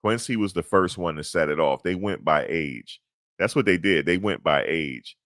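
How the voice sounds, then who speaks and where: A man recapping events in a casual, animated storytelling manner, slangy and repetitive. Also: deep voice, normal speed, dry recording, clean studio sound. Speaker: commentator recapping a court hearing.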